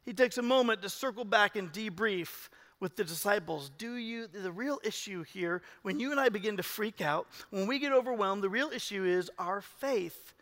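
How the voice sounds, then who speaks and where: A male pastor preaching a sermon in a church, animated, swinging between loud urging and hushed emphasis. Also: high-pitched, moderate pace, few pauses. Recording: long reverb of a large hall.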